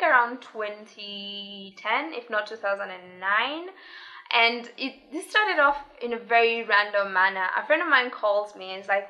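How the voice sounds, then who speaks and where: A young woman with a bright, slightly high voice tells a personal story to her viewers. Her delivery is casual and lively, with frequent laughs and playful impressions of the people she quotes. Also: dull audio. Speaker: vlogger.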